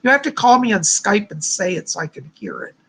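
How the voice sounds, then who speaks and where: Gravelly, husky-voiced man giving psychic readings. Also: high-pitched, wildly swooping pitch, brisk, a bit bright. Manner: effusive, chatty, gushing with thanks and blessings. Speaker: psychic host. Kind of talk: live-stream psychic readings, reading out chat messages.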